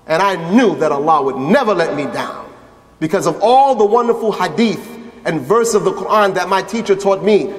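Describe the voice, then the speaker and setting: A man, an imam, telling his story in a lively religious lecture and acting out the voices of people he quotes. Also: high-pitched. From United States. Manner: animated, acts out quoted voices. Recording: echoey hall with long reverb.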